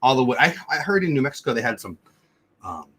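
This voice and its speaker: A man hosting a casual livestream, greeting viewers by name in quick, upbeat shout-outs. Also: mid-range voice, big pitch swings, slightly rough. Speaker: livestream host.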